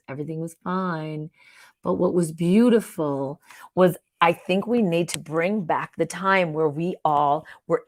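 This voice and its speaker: A woman with a fairly low voice hosts her own live stream in a loose, rambling monologue. She jokes, laughs often and trails off and restarts her sentences as she talks.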